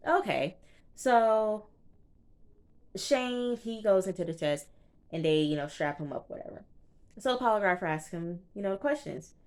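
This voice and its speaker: A young woman casually recapping a reality TV episode, retelling scenes in a chatty, animated way and acting out quoted reactions. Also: mid-range voice, measured pace, pauses often, smooth. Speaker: TV show reviewer.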